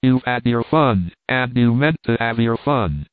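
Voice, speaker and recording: A man's voice: mid-range voice, expressive, unhurried, clear, resonant tone, dry recording, natural voice. Male reader as a self-righteous young clerk, huffy, over a thin dry line. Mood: scolding. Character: indignant young shop assistant squaring up to fight. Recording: dry, tinny phone-like sound.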